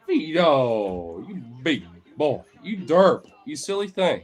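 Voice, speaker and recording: A man's voice: mid-range voice, a little slow, soft background music. A man casually commenting on footage of his dogs, cooing at them, laughing and swearing. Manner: excitable, cooing baby talk to pets, bursts of laughter, casual swearing. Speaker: video creator talking to his dogs.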